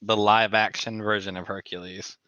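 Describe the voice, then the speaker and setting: A man co-hosting a casual podcast, speaking in a halting, measured way. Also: fairly low pitch, level tone, pushed and bright, smooth, no echo, highs cut off. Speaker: podcast co-host. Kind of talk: casual chat.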